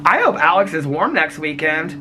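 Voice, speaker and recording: Giggly, animated man chatting in a vlog. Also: fairly high pitch, normal speed, music in the background. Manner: animated and giggly, teasing viewers by name; gossipy, calls people honey and sweetheart. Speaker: vlogger. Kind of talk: casual chatty vlog, reading viewer comments.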